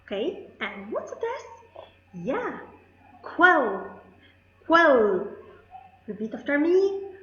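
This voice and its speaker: Woman, phonics teacher, very slow and drawn out, roomy lo-fi recording. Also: high voice, wildly swooping pitch, dark tone. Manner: slow, drawn-out sounding of letters, with questions to pupils. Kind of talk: phonics lesson for children.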